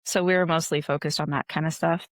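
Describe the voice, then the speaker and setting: A woman's voice: deep voice, fairly even intonation, fast talker, dry recording. A woman from Wisconsin in her thirties, a guest chatting casually in an interview, laid-back and full of "like" fillers.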